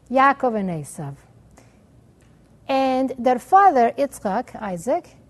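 Woman, religious teacher, high-pitched, animated storytelling, hebrew terms. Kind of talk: storytelling lesson.

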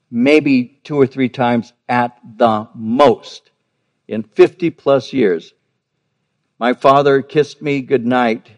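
A man's voice: medium pitch, darkish tone. Older man preaching an earnest sermon. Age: 50s or older. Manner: earnest storytelling, repeats words for emphasis, often slows down on key phrases. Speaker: pastor.

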